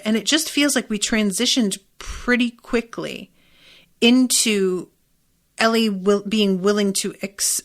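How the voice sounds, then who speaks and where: A woman's voice: mid-range voice, gravelly, fairly bright tone. A woman hosting a podcast, giving a candid, emphatic, casual recap of a TV episode with lots of fillers. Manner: candid and emphatic, with frequent fillers and some swearing. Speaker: podcast host.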